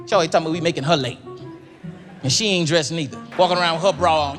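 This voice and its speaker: A male comedian telling comic stories on a talk show in an animated, loud way. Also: on the high side, racing, over music. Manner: animated, loud, breaks into laughter.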